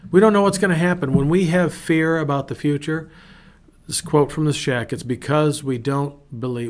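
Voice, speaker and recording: A man's voice: a little high, moderate pace. A man, a pastor hosting his own show, giving an earnest, conversational devotional talk with many restarts, acting out prayers and quotes. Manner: acts out prayers and quotes in a shifting voice. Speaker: pastor and podcast host.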